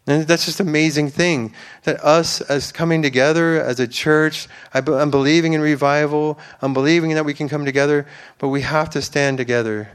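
A man's voice: a little high, fairly even intonation, brisk, few pauses, clean tone. A man giving an informal, earnest sermon to a church, rambling with fillers and restarts. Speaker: preacher.

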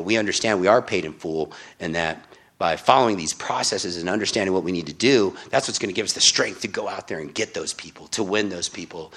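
A man's voice: low voice, fairly bright tone. A man preaching in an informal Bible-teaching style, often checking in with his listeners. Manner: informal, keeps asking "right?".

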